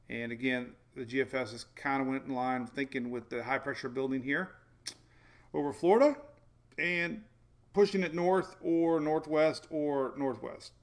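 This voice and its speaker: A man with a gravelly, creaky voice chats loosely through a weather stream. He rambles, chuckles often and answers viewers by name as he works through the maps. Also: mid-range voice, a bit bright. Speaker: weather show host. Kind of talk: casual livestream weather talk.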